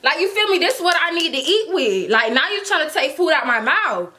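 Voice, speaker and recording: Lively bright-voiced young woman telling a story. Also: high voice, fairly quick. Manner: animated, slangy, laughs often, acts out quotes. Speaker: storytime vlogger. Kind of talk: casual storytelling.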